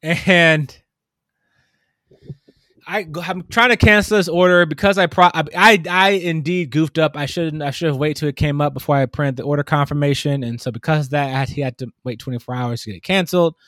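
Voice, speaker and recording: A man telling a long story in casual conversation, animated and acting out the people in it. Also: fairly high pitch, a little fast, dry recording, clean studio sound. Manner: animated storytelling, mimics customers. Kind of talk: casual chat.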